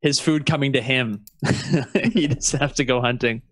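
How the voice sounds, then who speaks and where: A man playing a tabletop game, talking in a relaxed, hesitant way. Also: mid-range voice, measured pace, dry recording. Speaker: player. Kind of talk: casual tabletop play.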